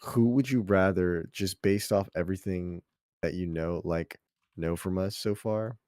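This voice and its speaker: A young man chatting casually as a podcast co-host, rambling and excitable, swearing often. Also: deep voice, measured pace, no echo, clean studio sound. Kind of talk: casual chat.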